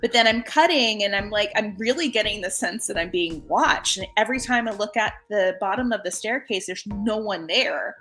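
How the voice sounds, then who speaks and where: Bright animated woman telling a story. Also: medium pitch, moderate pace, few pauses, soft background music. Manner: animated, laughing, acts out voices in her story. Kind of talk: casual storytelling.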